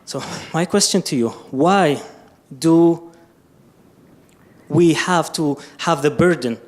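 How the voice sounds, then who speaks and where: A man from Syria asking an emotional, halting question from the floor of a public lecture, pleading for help. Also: a little high. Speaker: audience member asking a question. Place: lecture hall.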